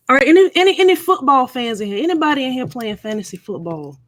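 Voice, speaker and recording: A woman's voice: sits high, sing-song, fast, few pauses, fairly bright tone, no room sound. A middle-aged woman hosting a casual live stream, chatting and playfully teasing viewers.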